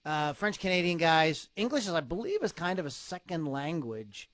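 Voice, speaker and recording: A man hosting an online rock show, chatting casually in a jokey, rambling way and laughing loudly. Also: fairly high pitch, sing-song, moderate pace, few pauses, dry recording. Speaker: show host. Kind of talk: casual radio-style chat.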